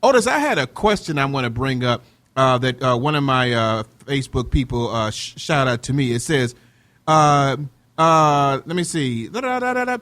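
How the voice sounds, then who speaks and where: A man's voice: mid-range voice, expressive, moderate pace, fairly bright tone. A man hosting a talk show, joking around and preaching with lots of fillers. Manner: jokey, preachy, many fillers. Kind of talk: casual talk show chat.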